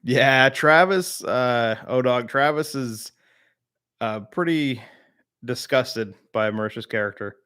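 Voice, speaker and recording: A man's voice: medium pitch, slow pace, sharp tone, clean tone. A man from the American South hosting a casual live-stream chat, rambling with many fillers and replying to viewers by name. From Southern United States.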